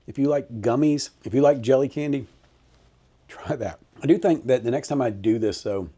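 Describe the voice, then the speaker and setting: Dad type, mellow husky voice, folksy and enthusiastic vlogger. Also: male voice, mid-range voice. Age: middle-aged. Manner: folksy, enthusiastic taste-testing. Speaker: cooking vlogger. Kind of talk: casual cooking vlog. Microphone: handheld camera mic.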